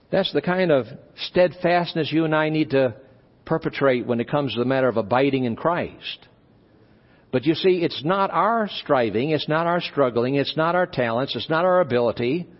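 A male pastor preaching a sermon, animated, acting out little dialogues as he goes. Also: fairly high pitch. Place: church conference hall. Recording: dull live recording in a reverberant hall.

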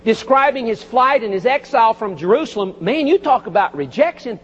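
A pastor preaching a sermon, with lively emphasis and folksy asides, recorded in a church. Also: male voice, very high voice, a little fast, husky. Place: church sanctuary. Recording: dull audio with long church reverb.

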